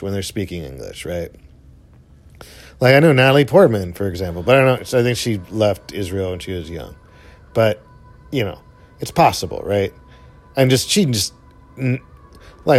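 Rambling young man reacting to a film. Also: dry recording. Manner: rambling, filler-heavy, swears casually; enthusiastic, pitch jumps up when excited. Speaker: film commentator. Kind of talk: casual movie commentary while watching.

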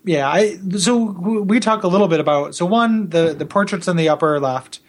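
Male podcast co-host, slightly higher voice, rambling casual chat with lots of laughs. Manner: rambling, halting, laughs often.

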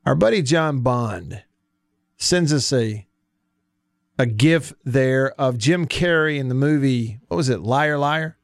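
A man's voice: mid-range voice, slow, vocal fry, no echo. A man hosting a casual sports talk radio show, with a Southern accent, folksy and chatty as he reads listener texts. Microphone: studio mic. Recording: dry studio sound.

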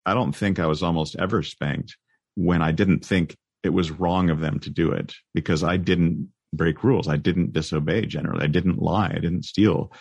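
Very deep-voiced male podcast host. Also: steady tone, creaky, darkish tone, slightly rough, no room sound. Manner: measured, wry, precise. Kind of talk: casual chat and scripted narration.

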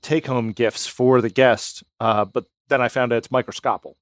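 A man's voice: medium pitch, fairly even intonation, normal speed, no echo, clean studio sound. A man hosting a podcast outdoors, rambling in casual banter with many fillers. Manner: loose, rambling, with frequent "uh" fillers. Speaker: podcast host.

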